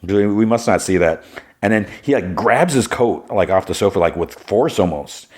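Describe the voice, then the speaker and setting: A man with a deep, low-pitched voice talks casually into a podcast mic. He rambles through a plot recap, and his sentences are loose and full of filler words. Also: animated, normal speed, darkish tone. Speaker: podcast host.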